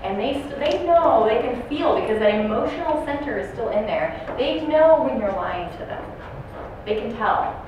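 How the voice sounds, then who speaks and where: A woman giving a dementia care training talk to a class, telling stories and acting out residents' shouts. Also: fairly high pitch, expressive, normal speed, muffled recording. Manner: storytelling, acts out residents loudly. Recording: echoey room from far off, noisy.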